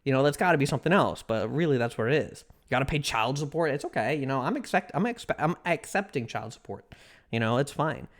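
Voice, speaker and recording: A streamer talking loosely to chat at a desk mic, with a medium-pitched voice that swings up and down a lot. The talk meanders, stalls on repeated words and restarts mid-sentence. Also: animated, fast. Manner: rambling, many restarts and repeated "like". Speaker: livestreamer. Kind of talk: casual livestream chat, answering viewers.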